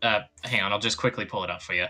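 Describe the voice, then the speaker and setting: A man with a bright, ringing voice plays a tabletop role-playing game, talking loosely as he works out his turn. Faint music hums underneath him. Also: lowish voice, fast. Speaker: player.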